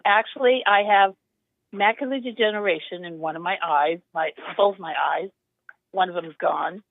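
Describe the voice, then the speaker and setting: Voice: medium pitch, dry recording. A caller on a talk show, speaking hesitantly with many ums. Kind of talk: phone call to a talk show. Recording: tinny dry phone line.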